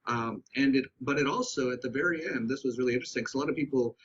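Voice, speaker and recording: Man, husky voice, reflective, halting, candid storytelling, dull lo-fi recording. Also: mid-range voice. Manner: reflective, halting, with many restarts. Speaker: podcast guest.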